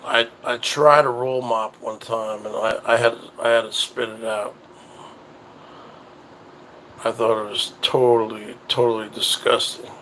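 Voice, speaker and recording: A man hosting his own show, chatting casually in a rambling, halting way that often repeats itself. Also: mid-range voice, flat delivery, pushed and bright, slight background noise, low-quality recording. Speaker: show host. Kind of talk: casual livestream chat.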